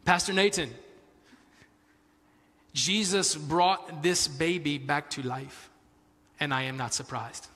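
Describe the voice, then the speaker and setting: A man voicing a calm pastor friend, putting on a Spanish accent and speaking quietly and unhurriedly. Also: on the high side, slow, pauses often, breathy edge, voice pushed down, exaggerated voice. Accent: Spanish-accented English. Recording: long hall reverb.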